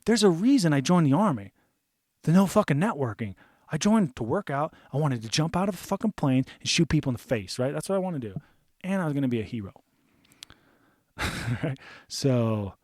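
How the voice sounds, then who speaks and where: A young man, an Army veteran, telling a comic story, animated and profane, acting out his own panic. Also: a little high, moderate pace, pauses often, no echo, studio quality. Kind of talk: comedic storytelling.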